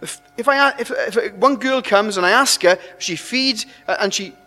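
A man's voice: high voice, moderate pace, sharp tone. Anxious male servant, as a preacher does him. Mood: praying. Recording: long hall reverb.

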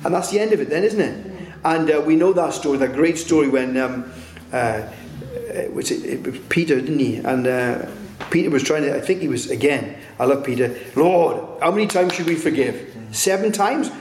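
A man's voice: medium pitch, fairly quick, darkish tone, slight background noise. A man preaching a sermon in a conversational way, often turning points into rhetorical questions. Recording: roomy echo.

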